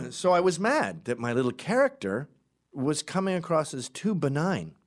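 A man's voice: on the high side, big pitch swings, measured pace. A man telling a crude, rambling comic story in a brash, casual way.

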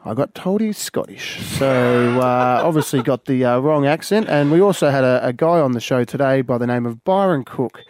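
A man's voice: medium pitch, expressive, normal speed, few pauses, darkish tone. A man co-hosting breakfast radio, telling stories in an easygoing, rambling way. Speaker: radio co-host. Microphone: studio mic.

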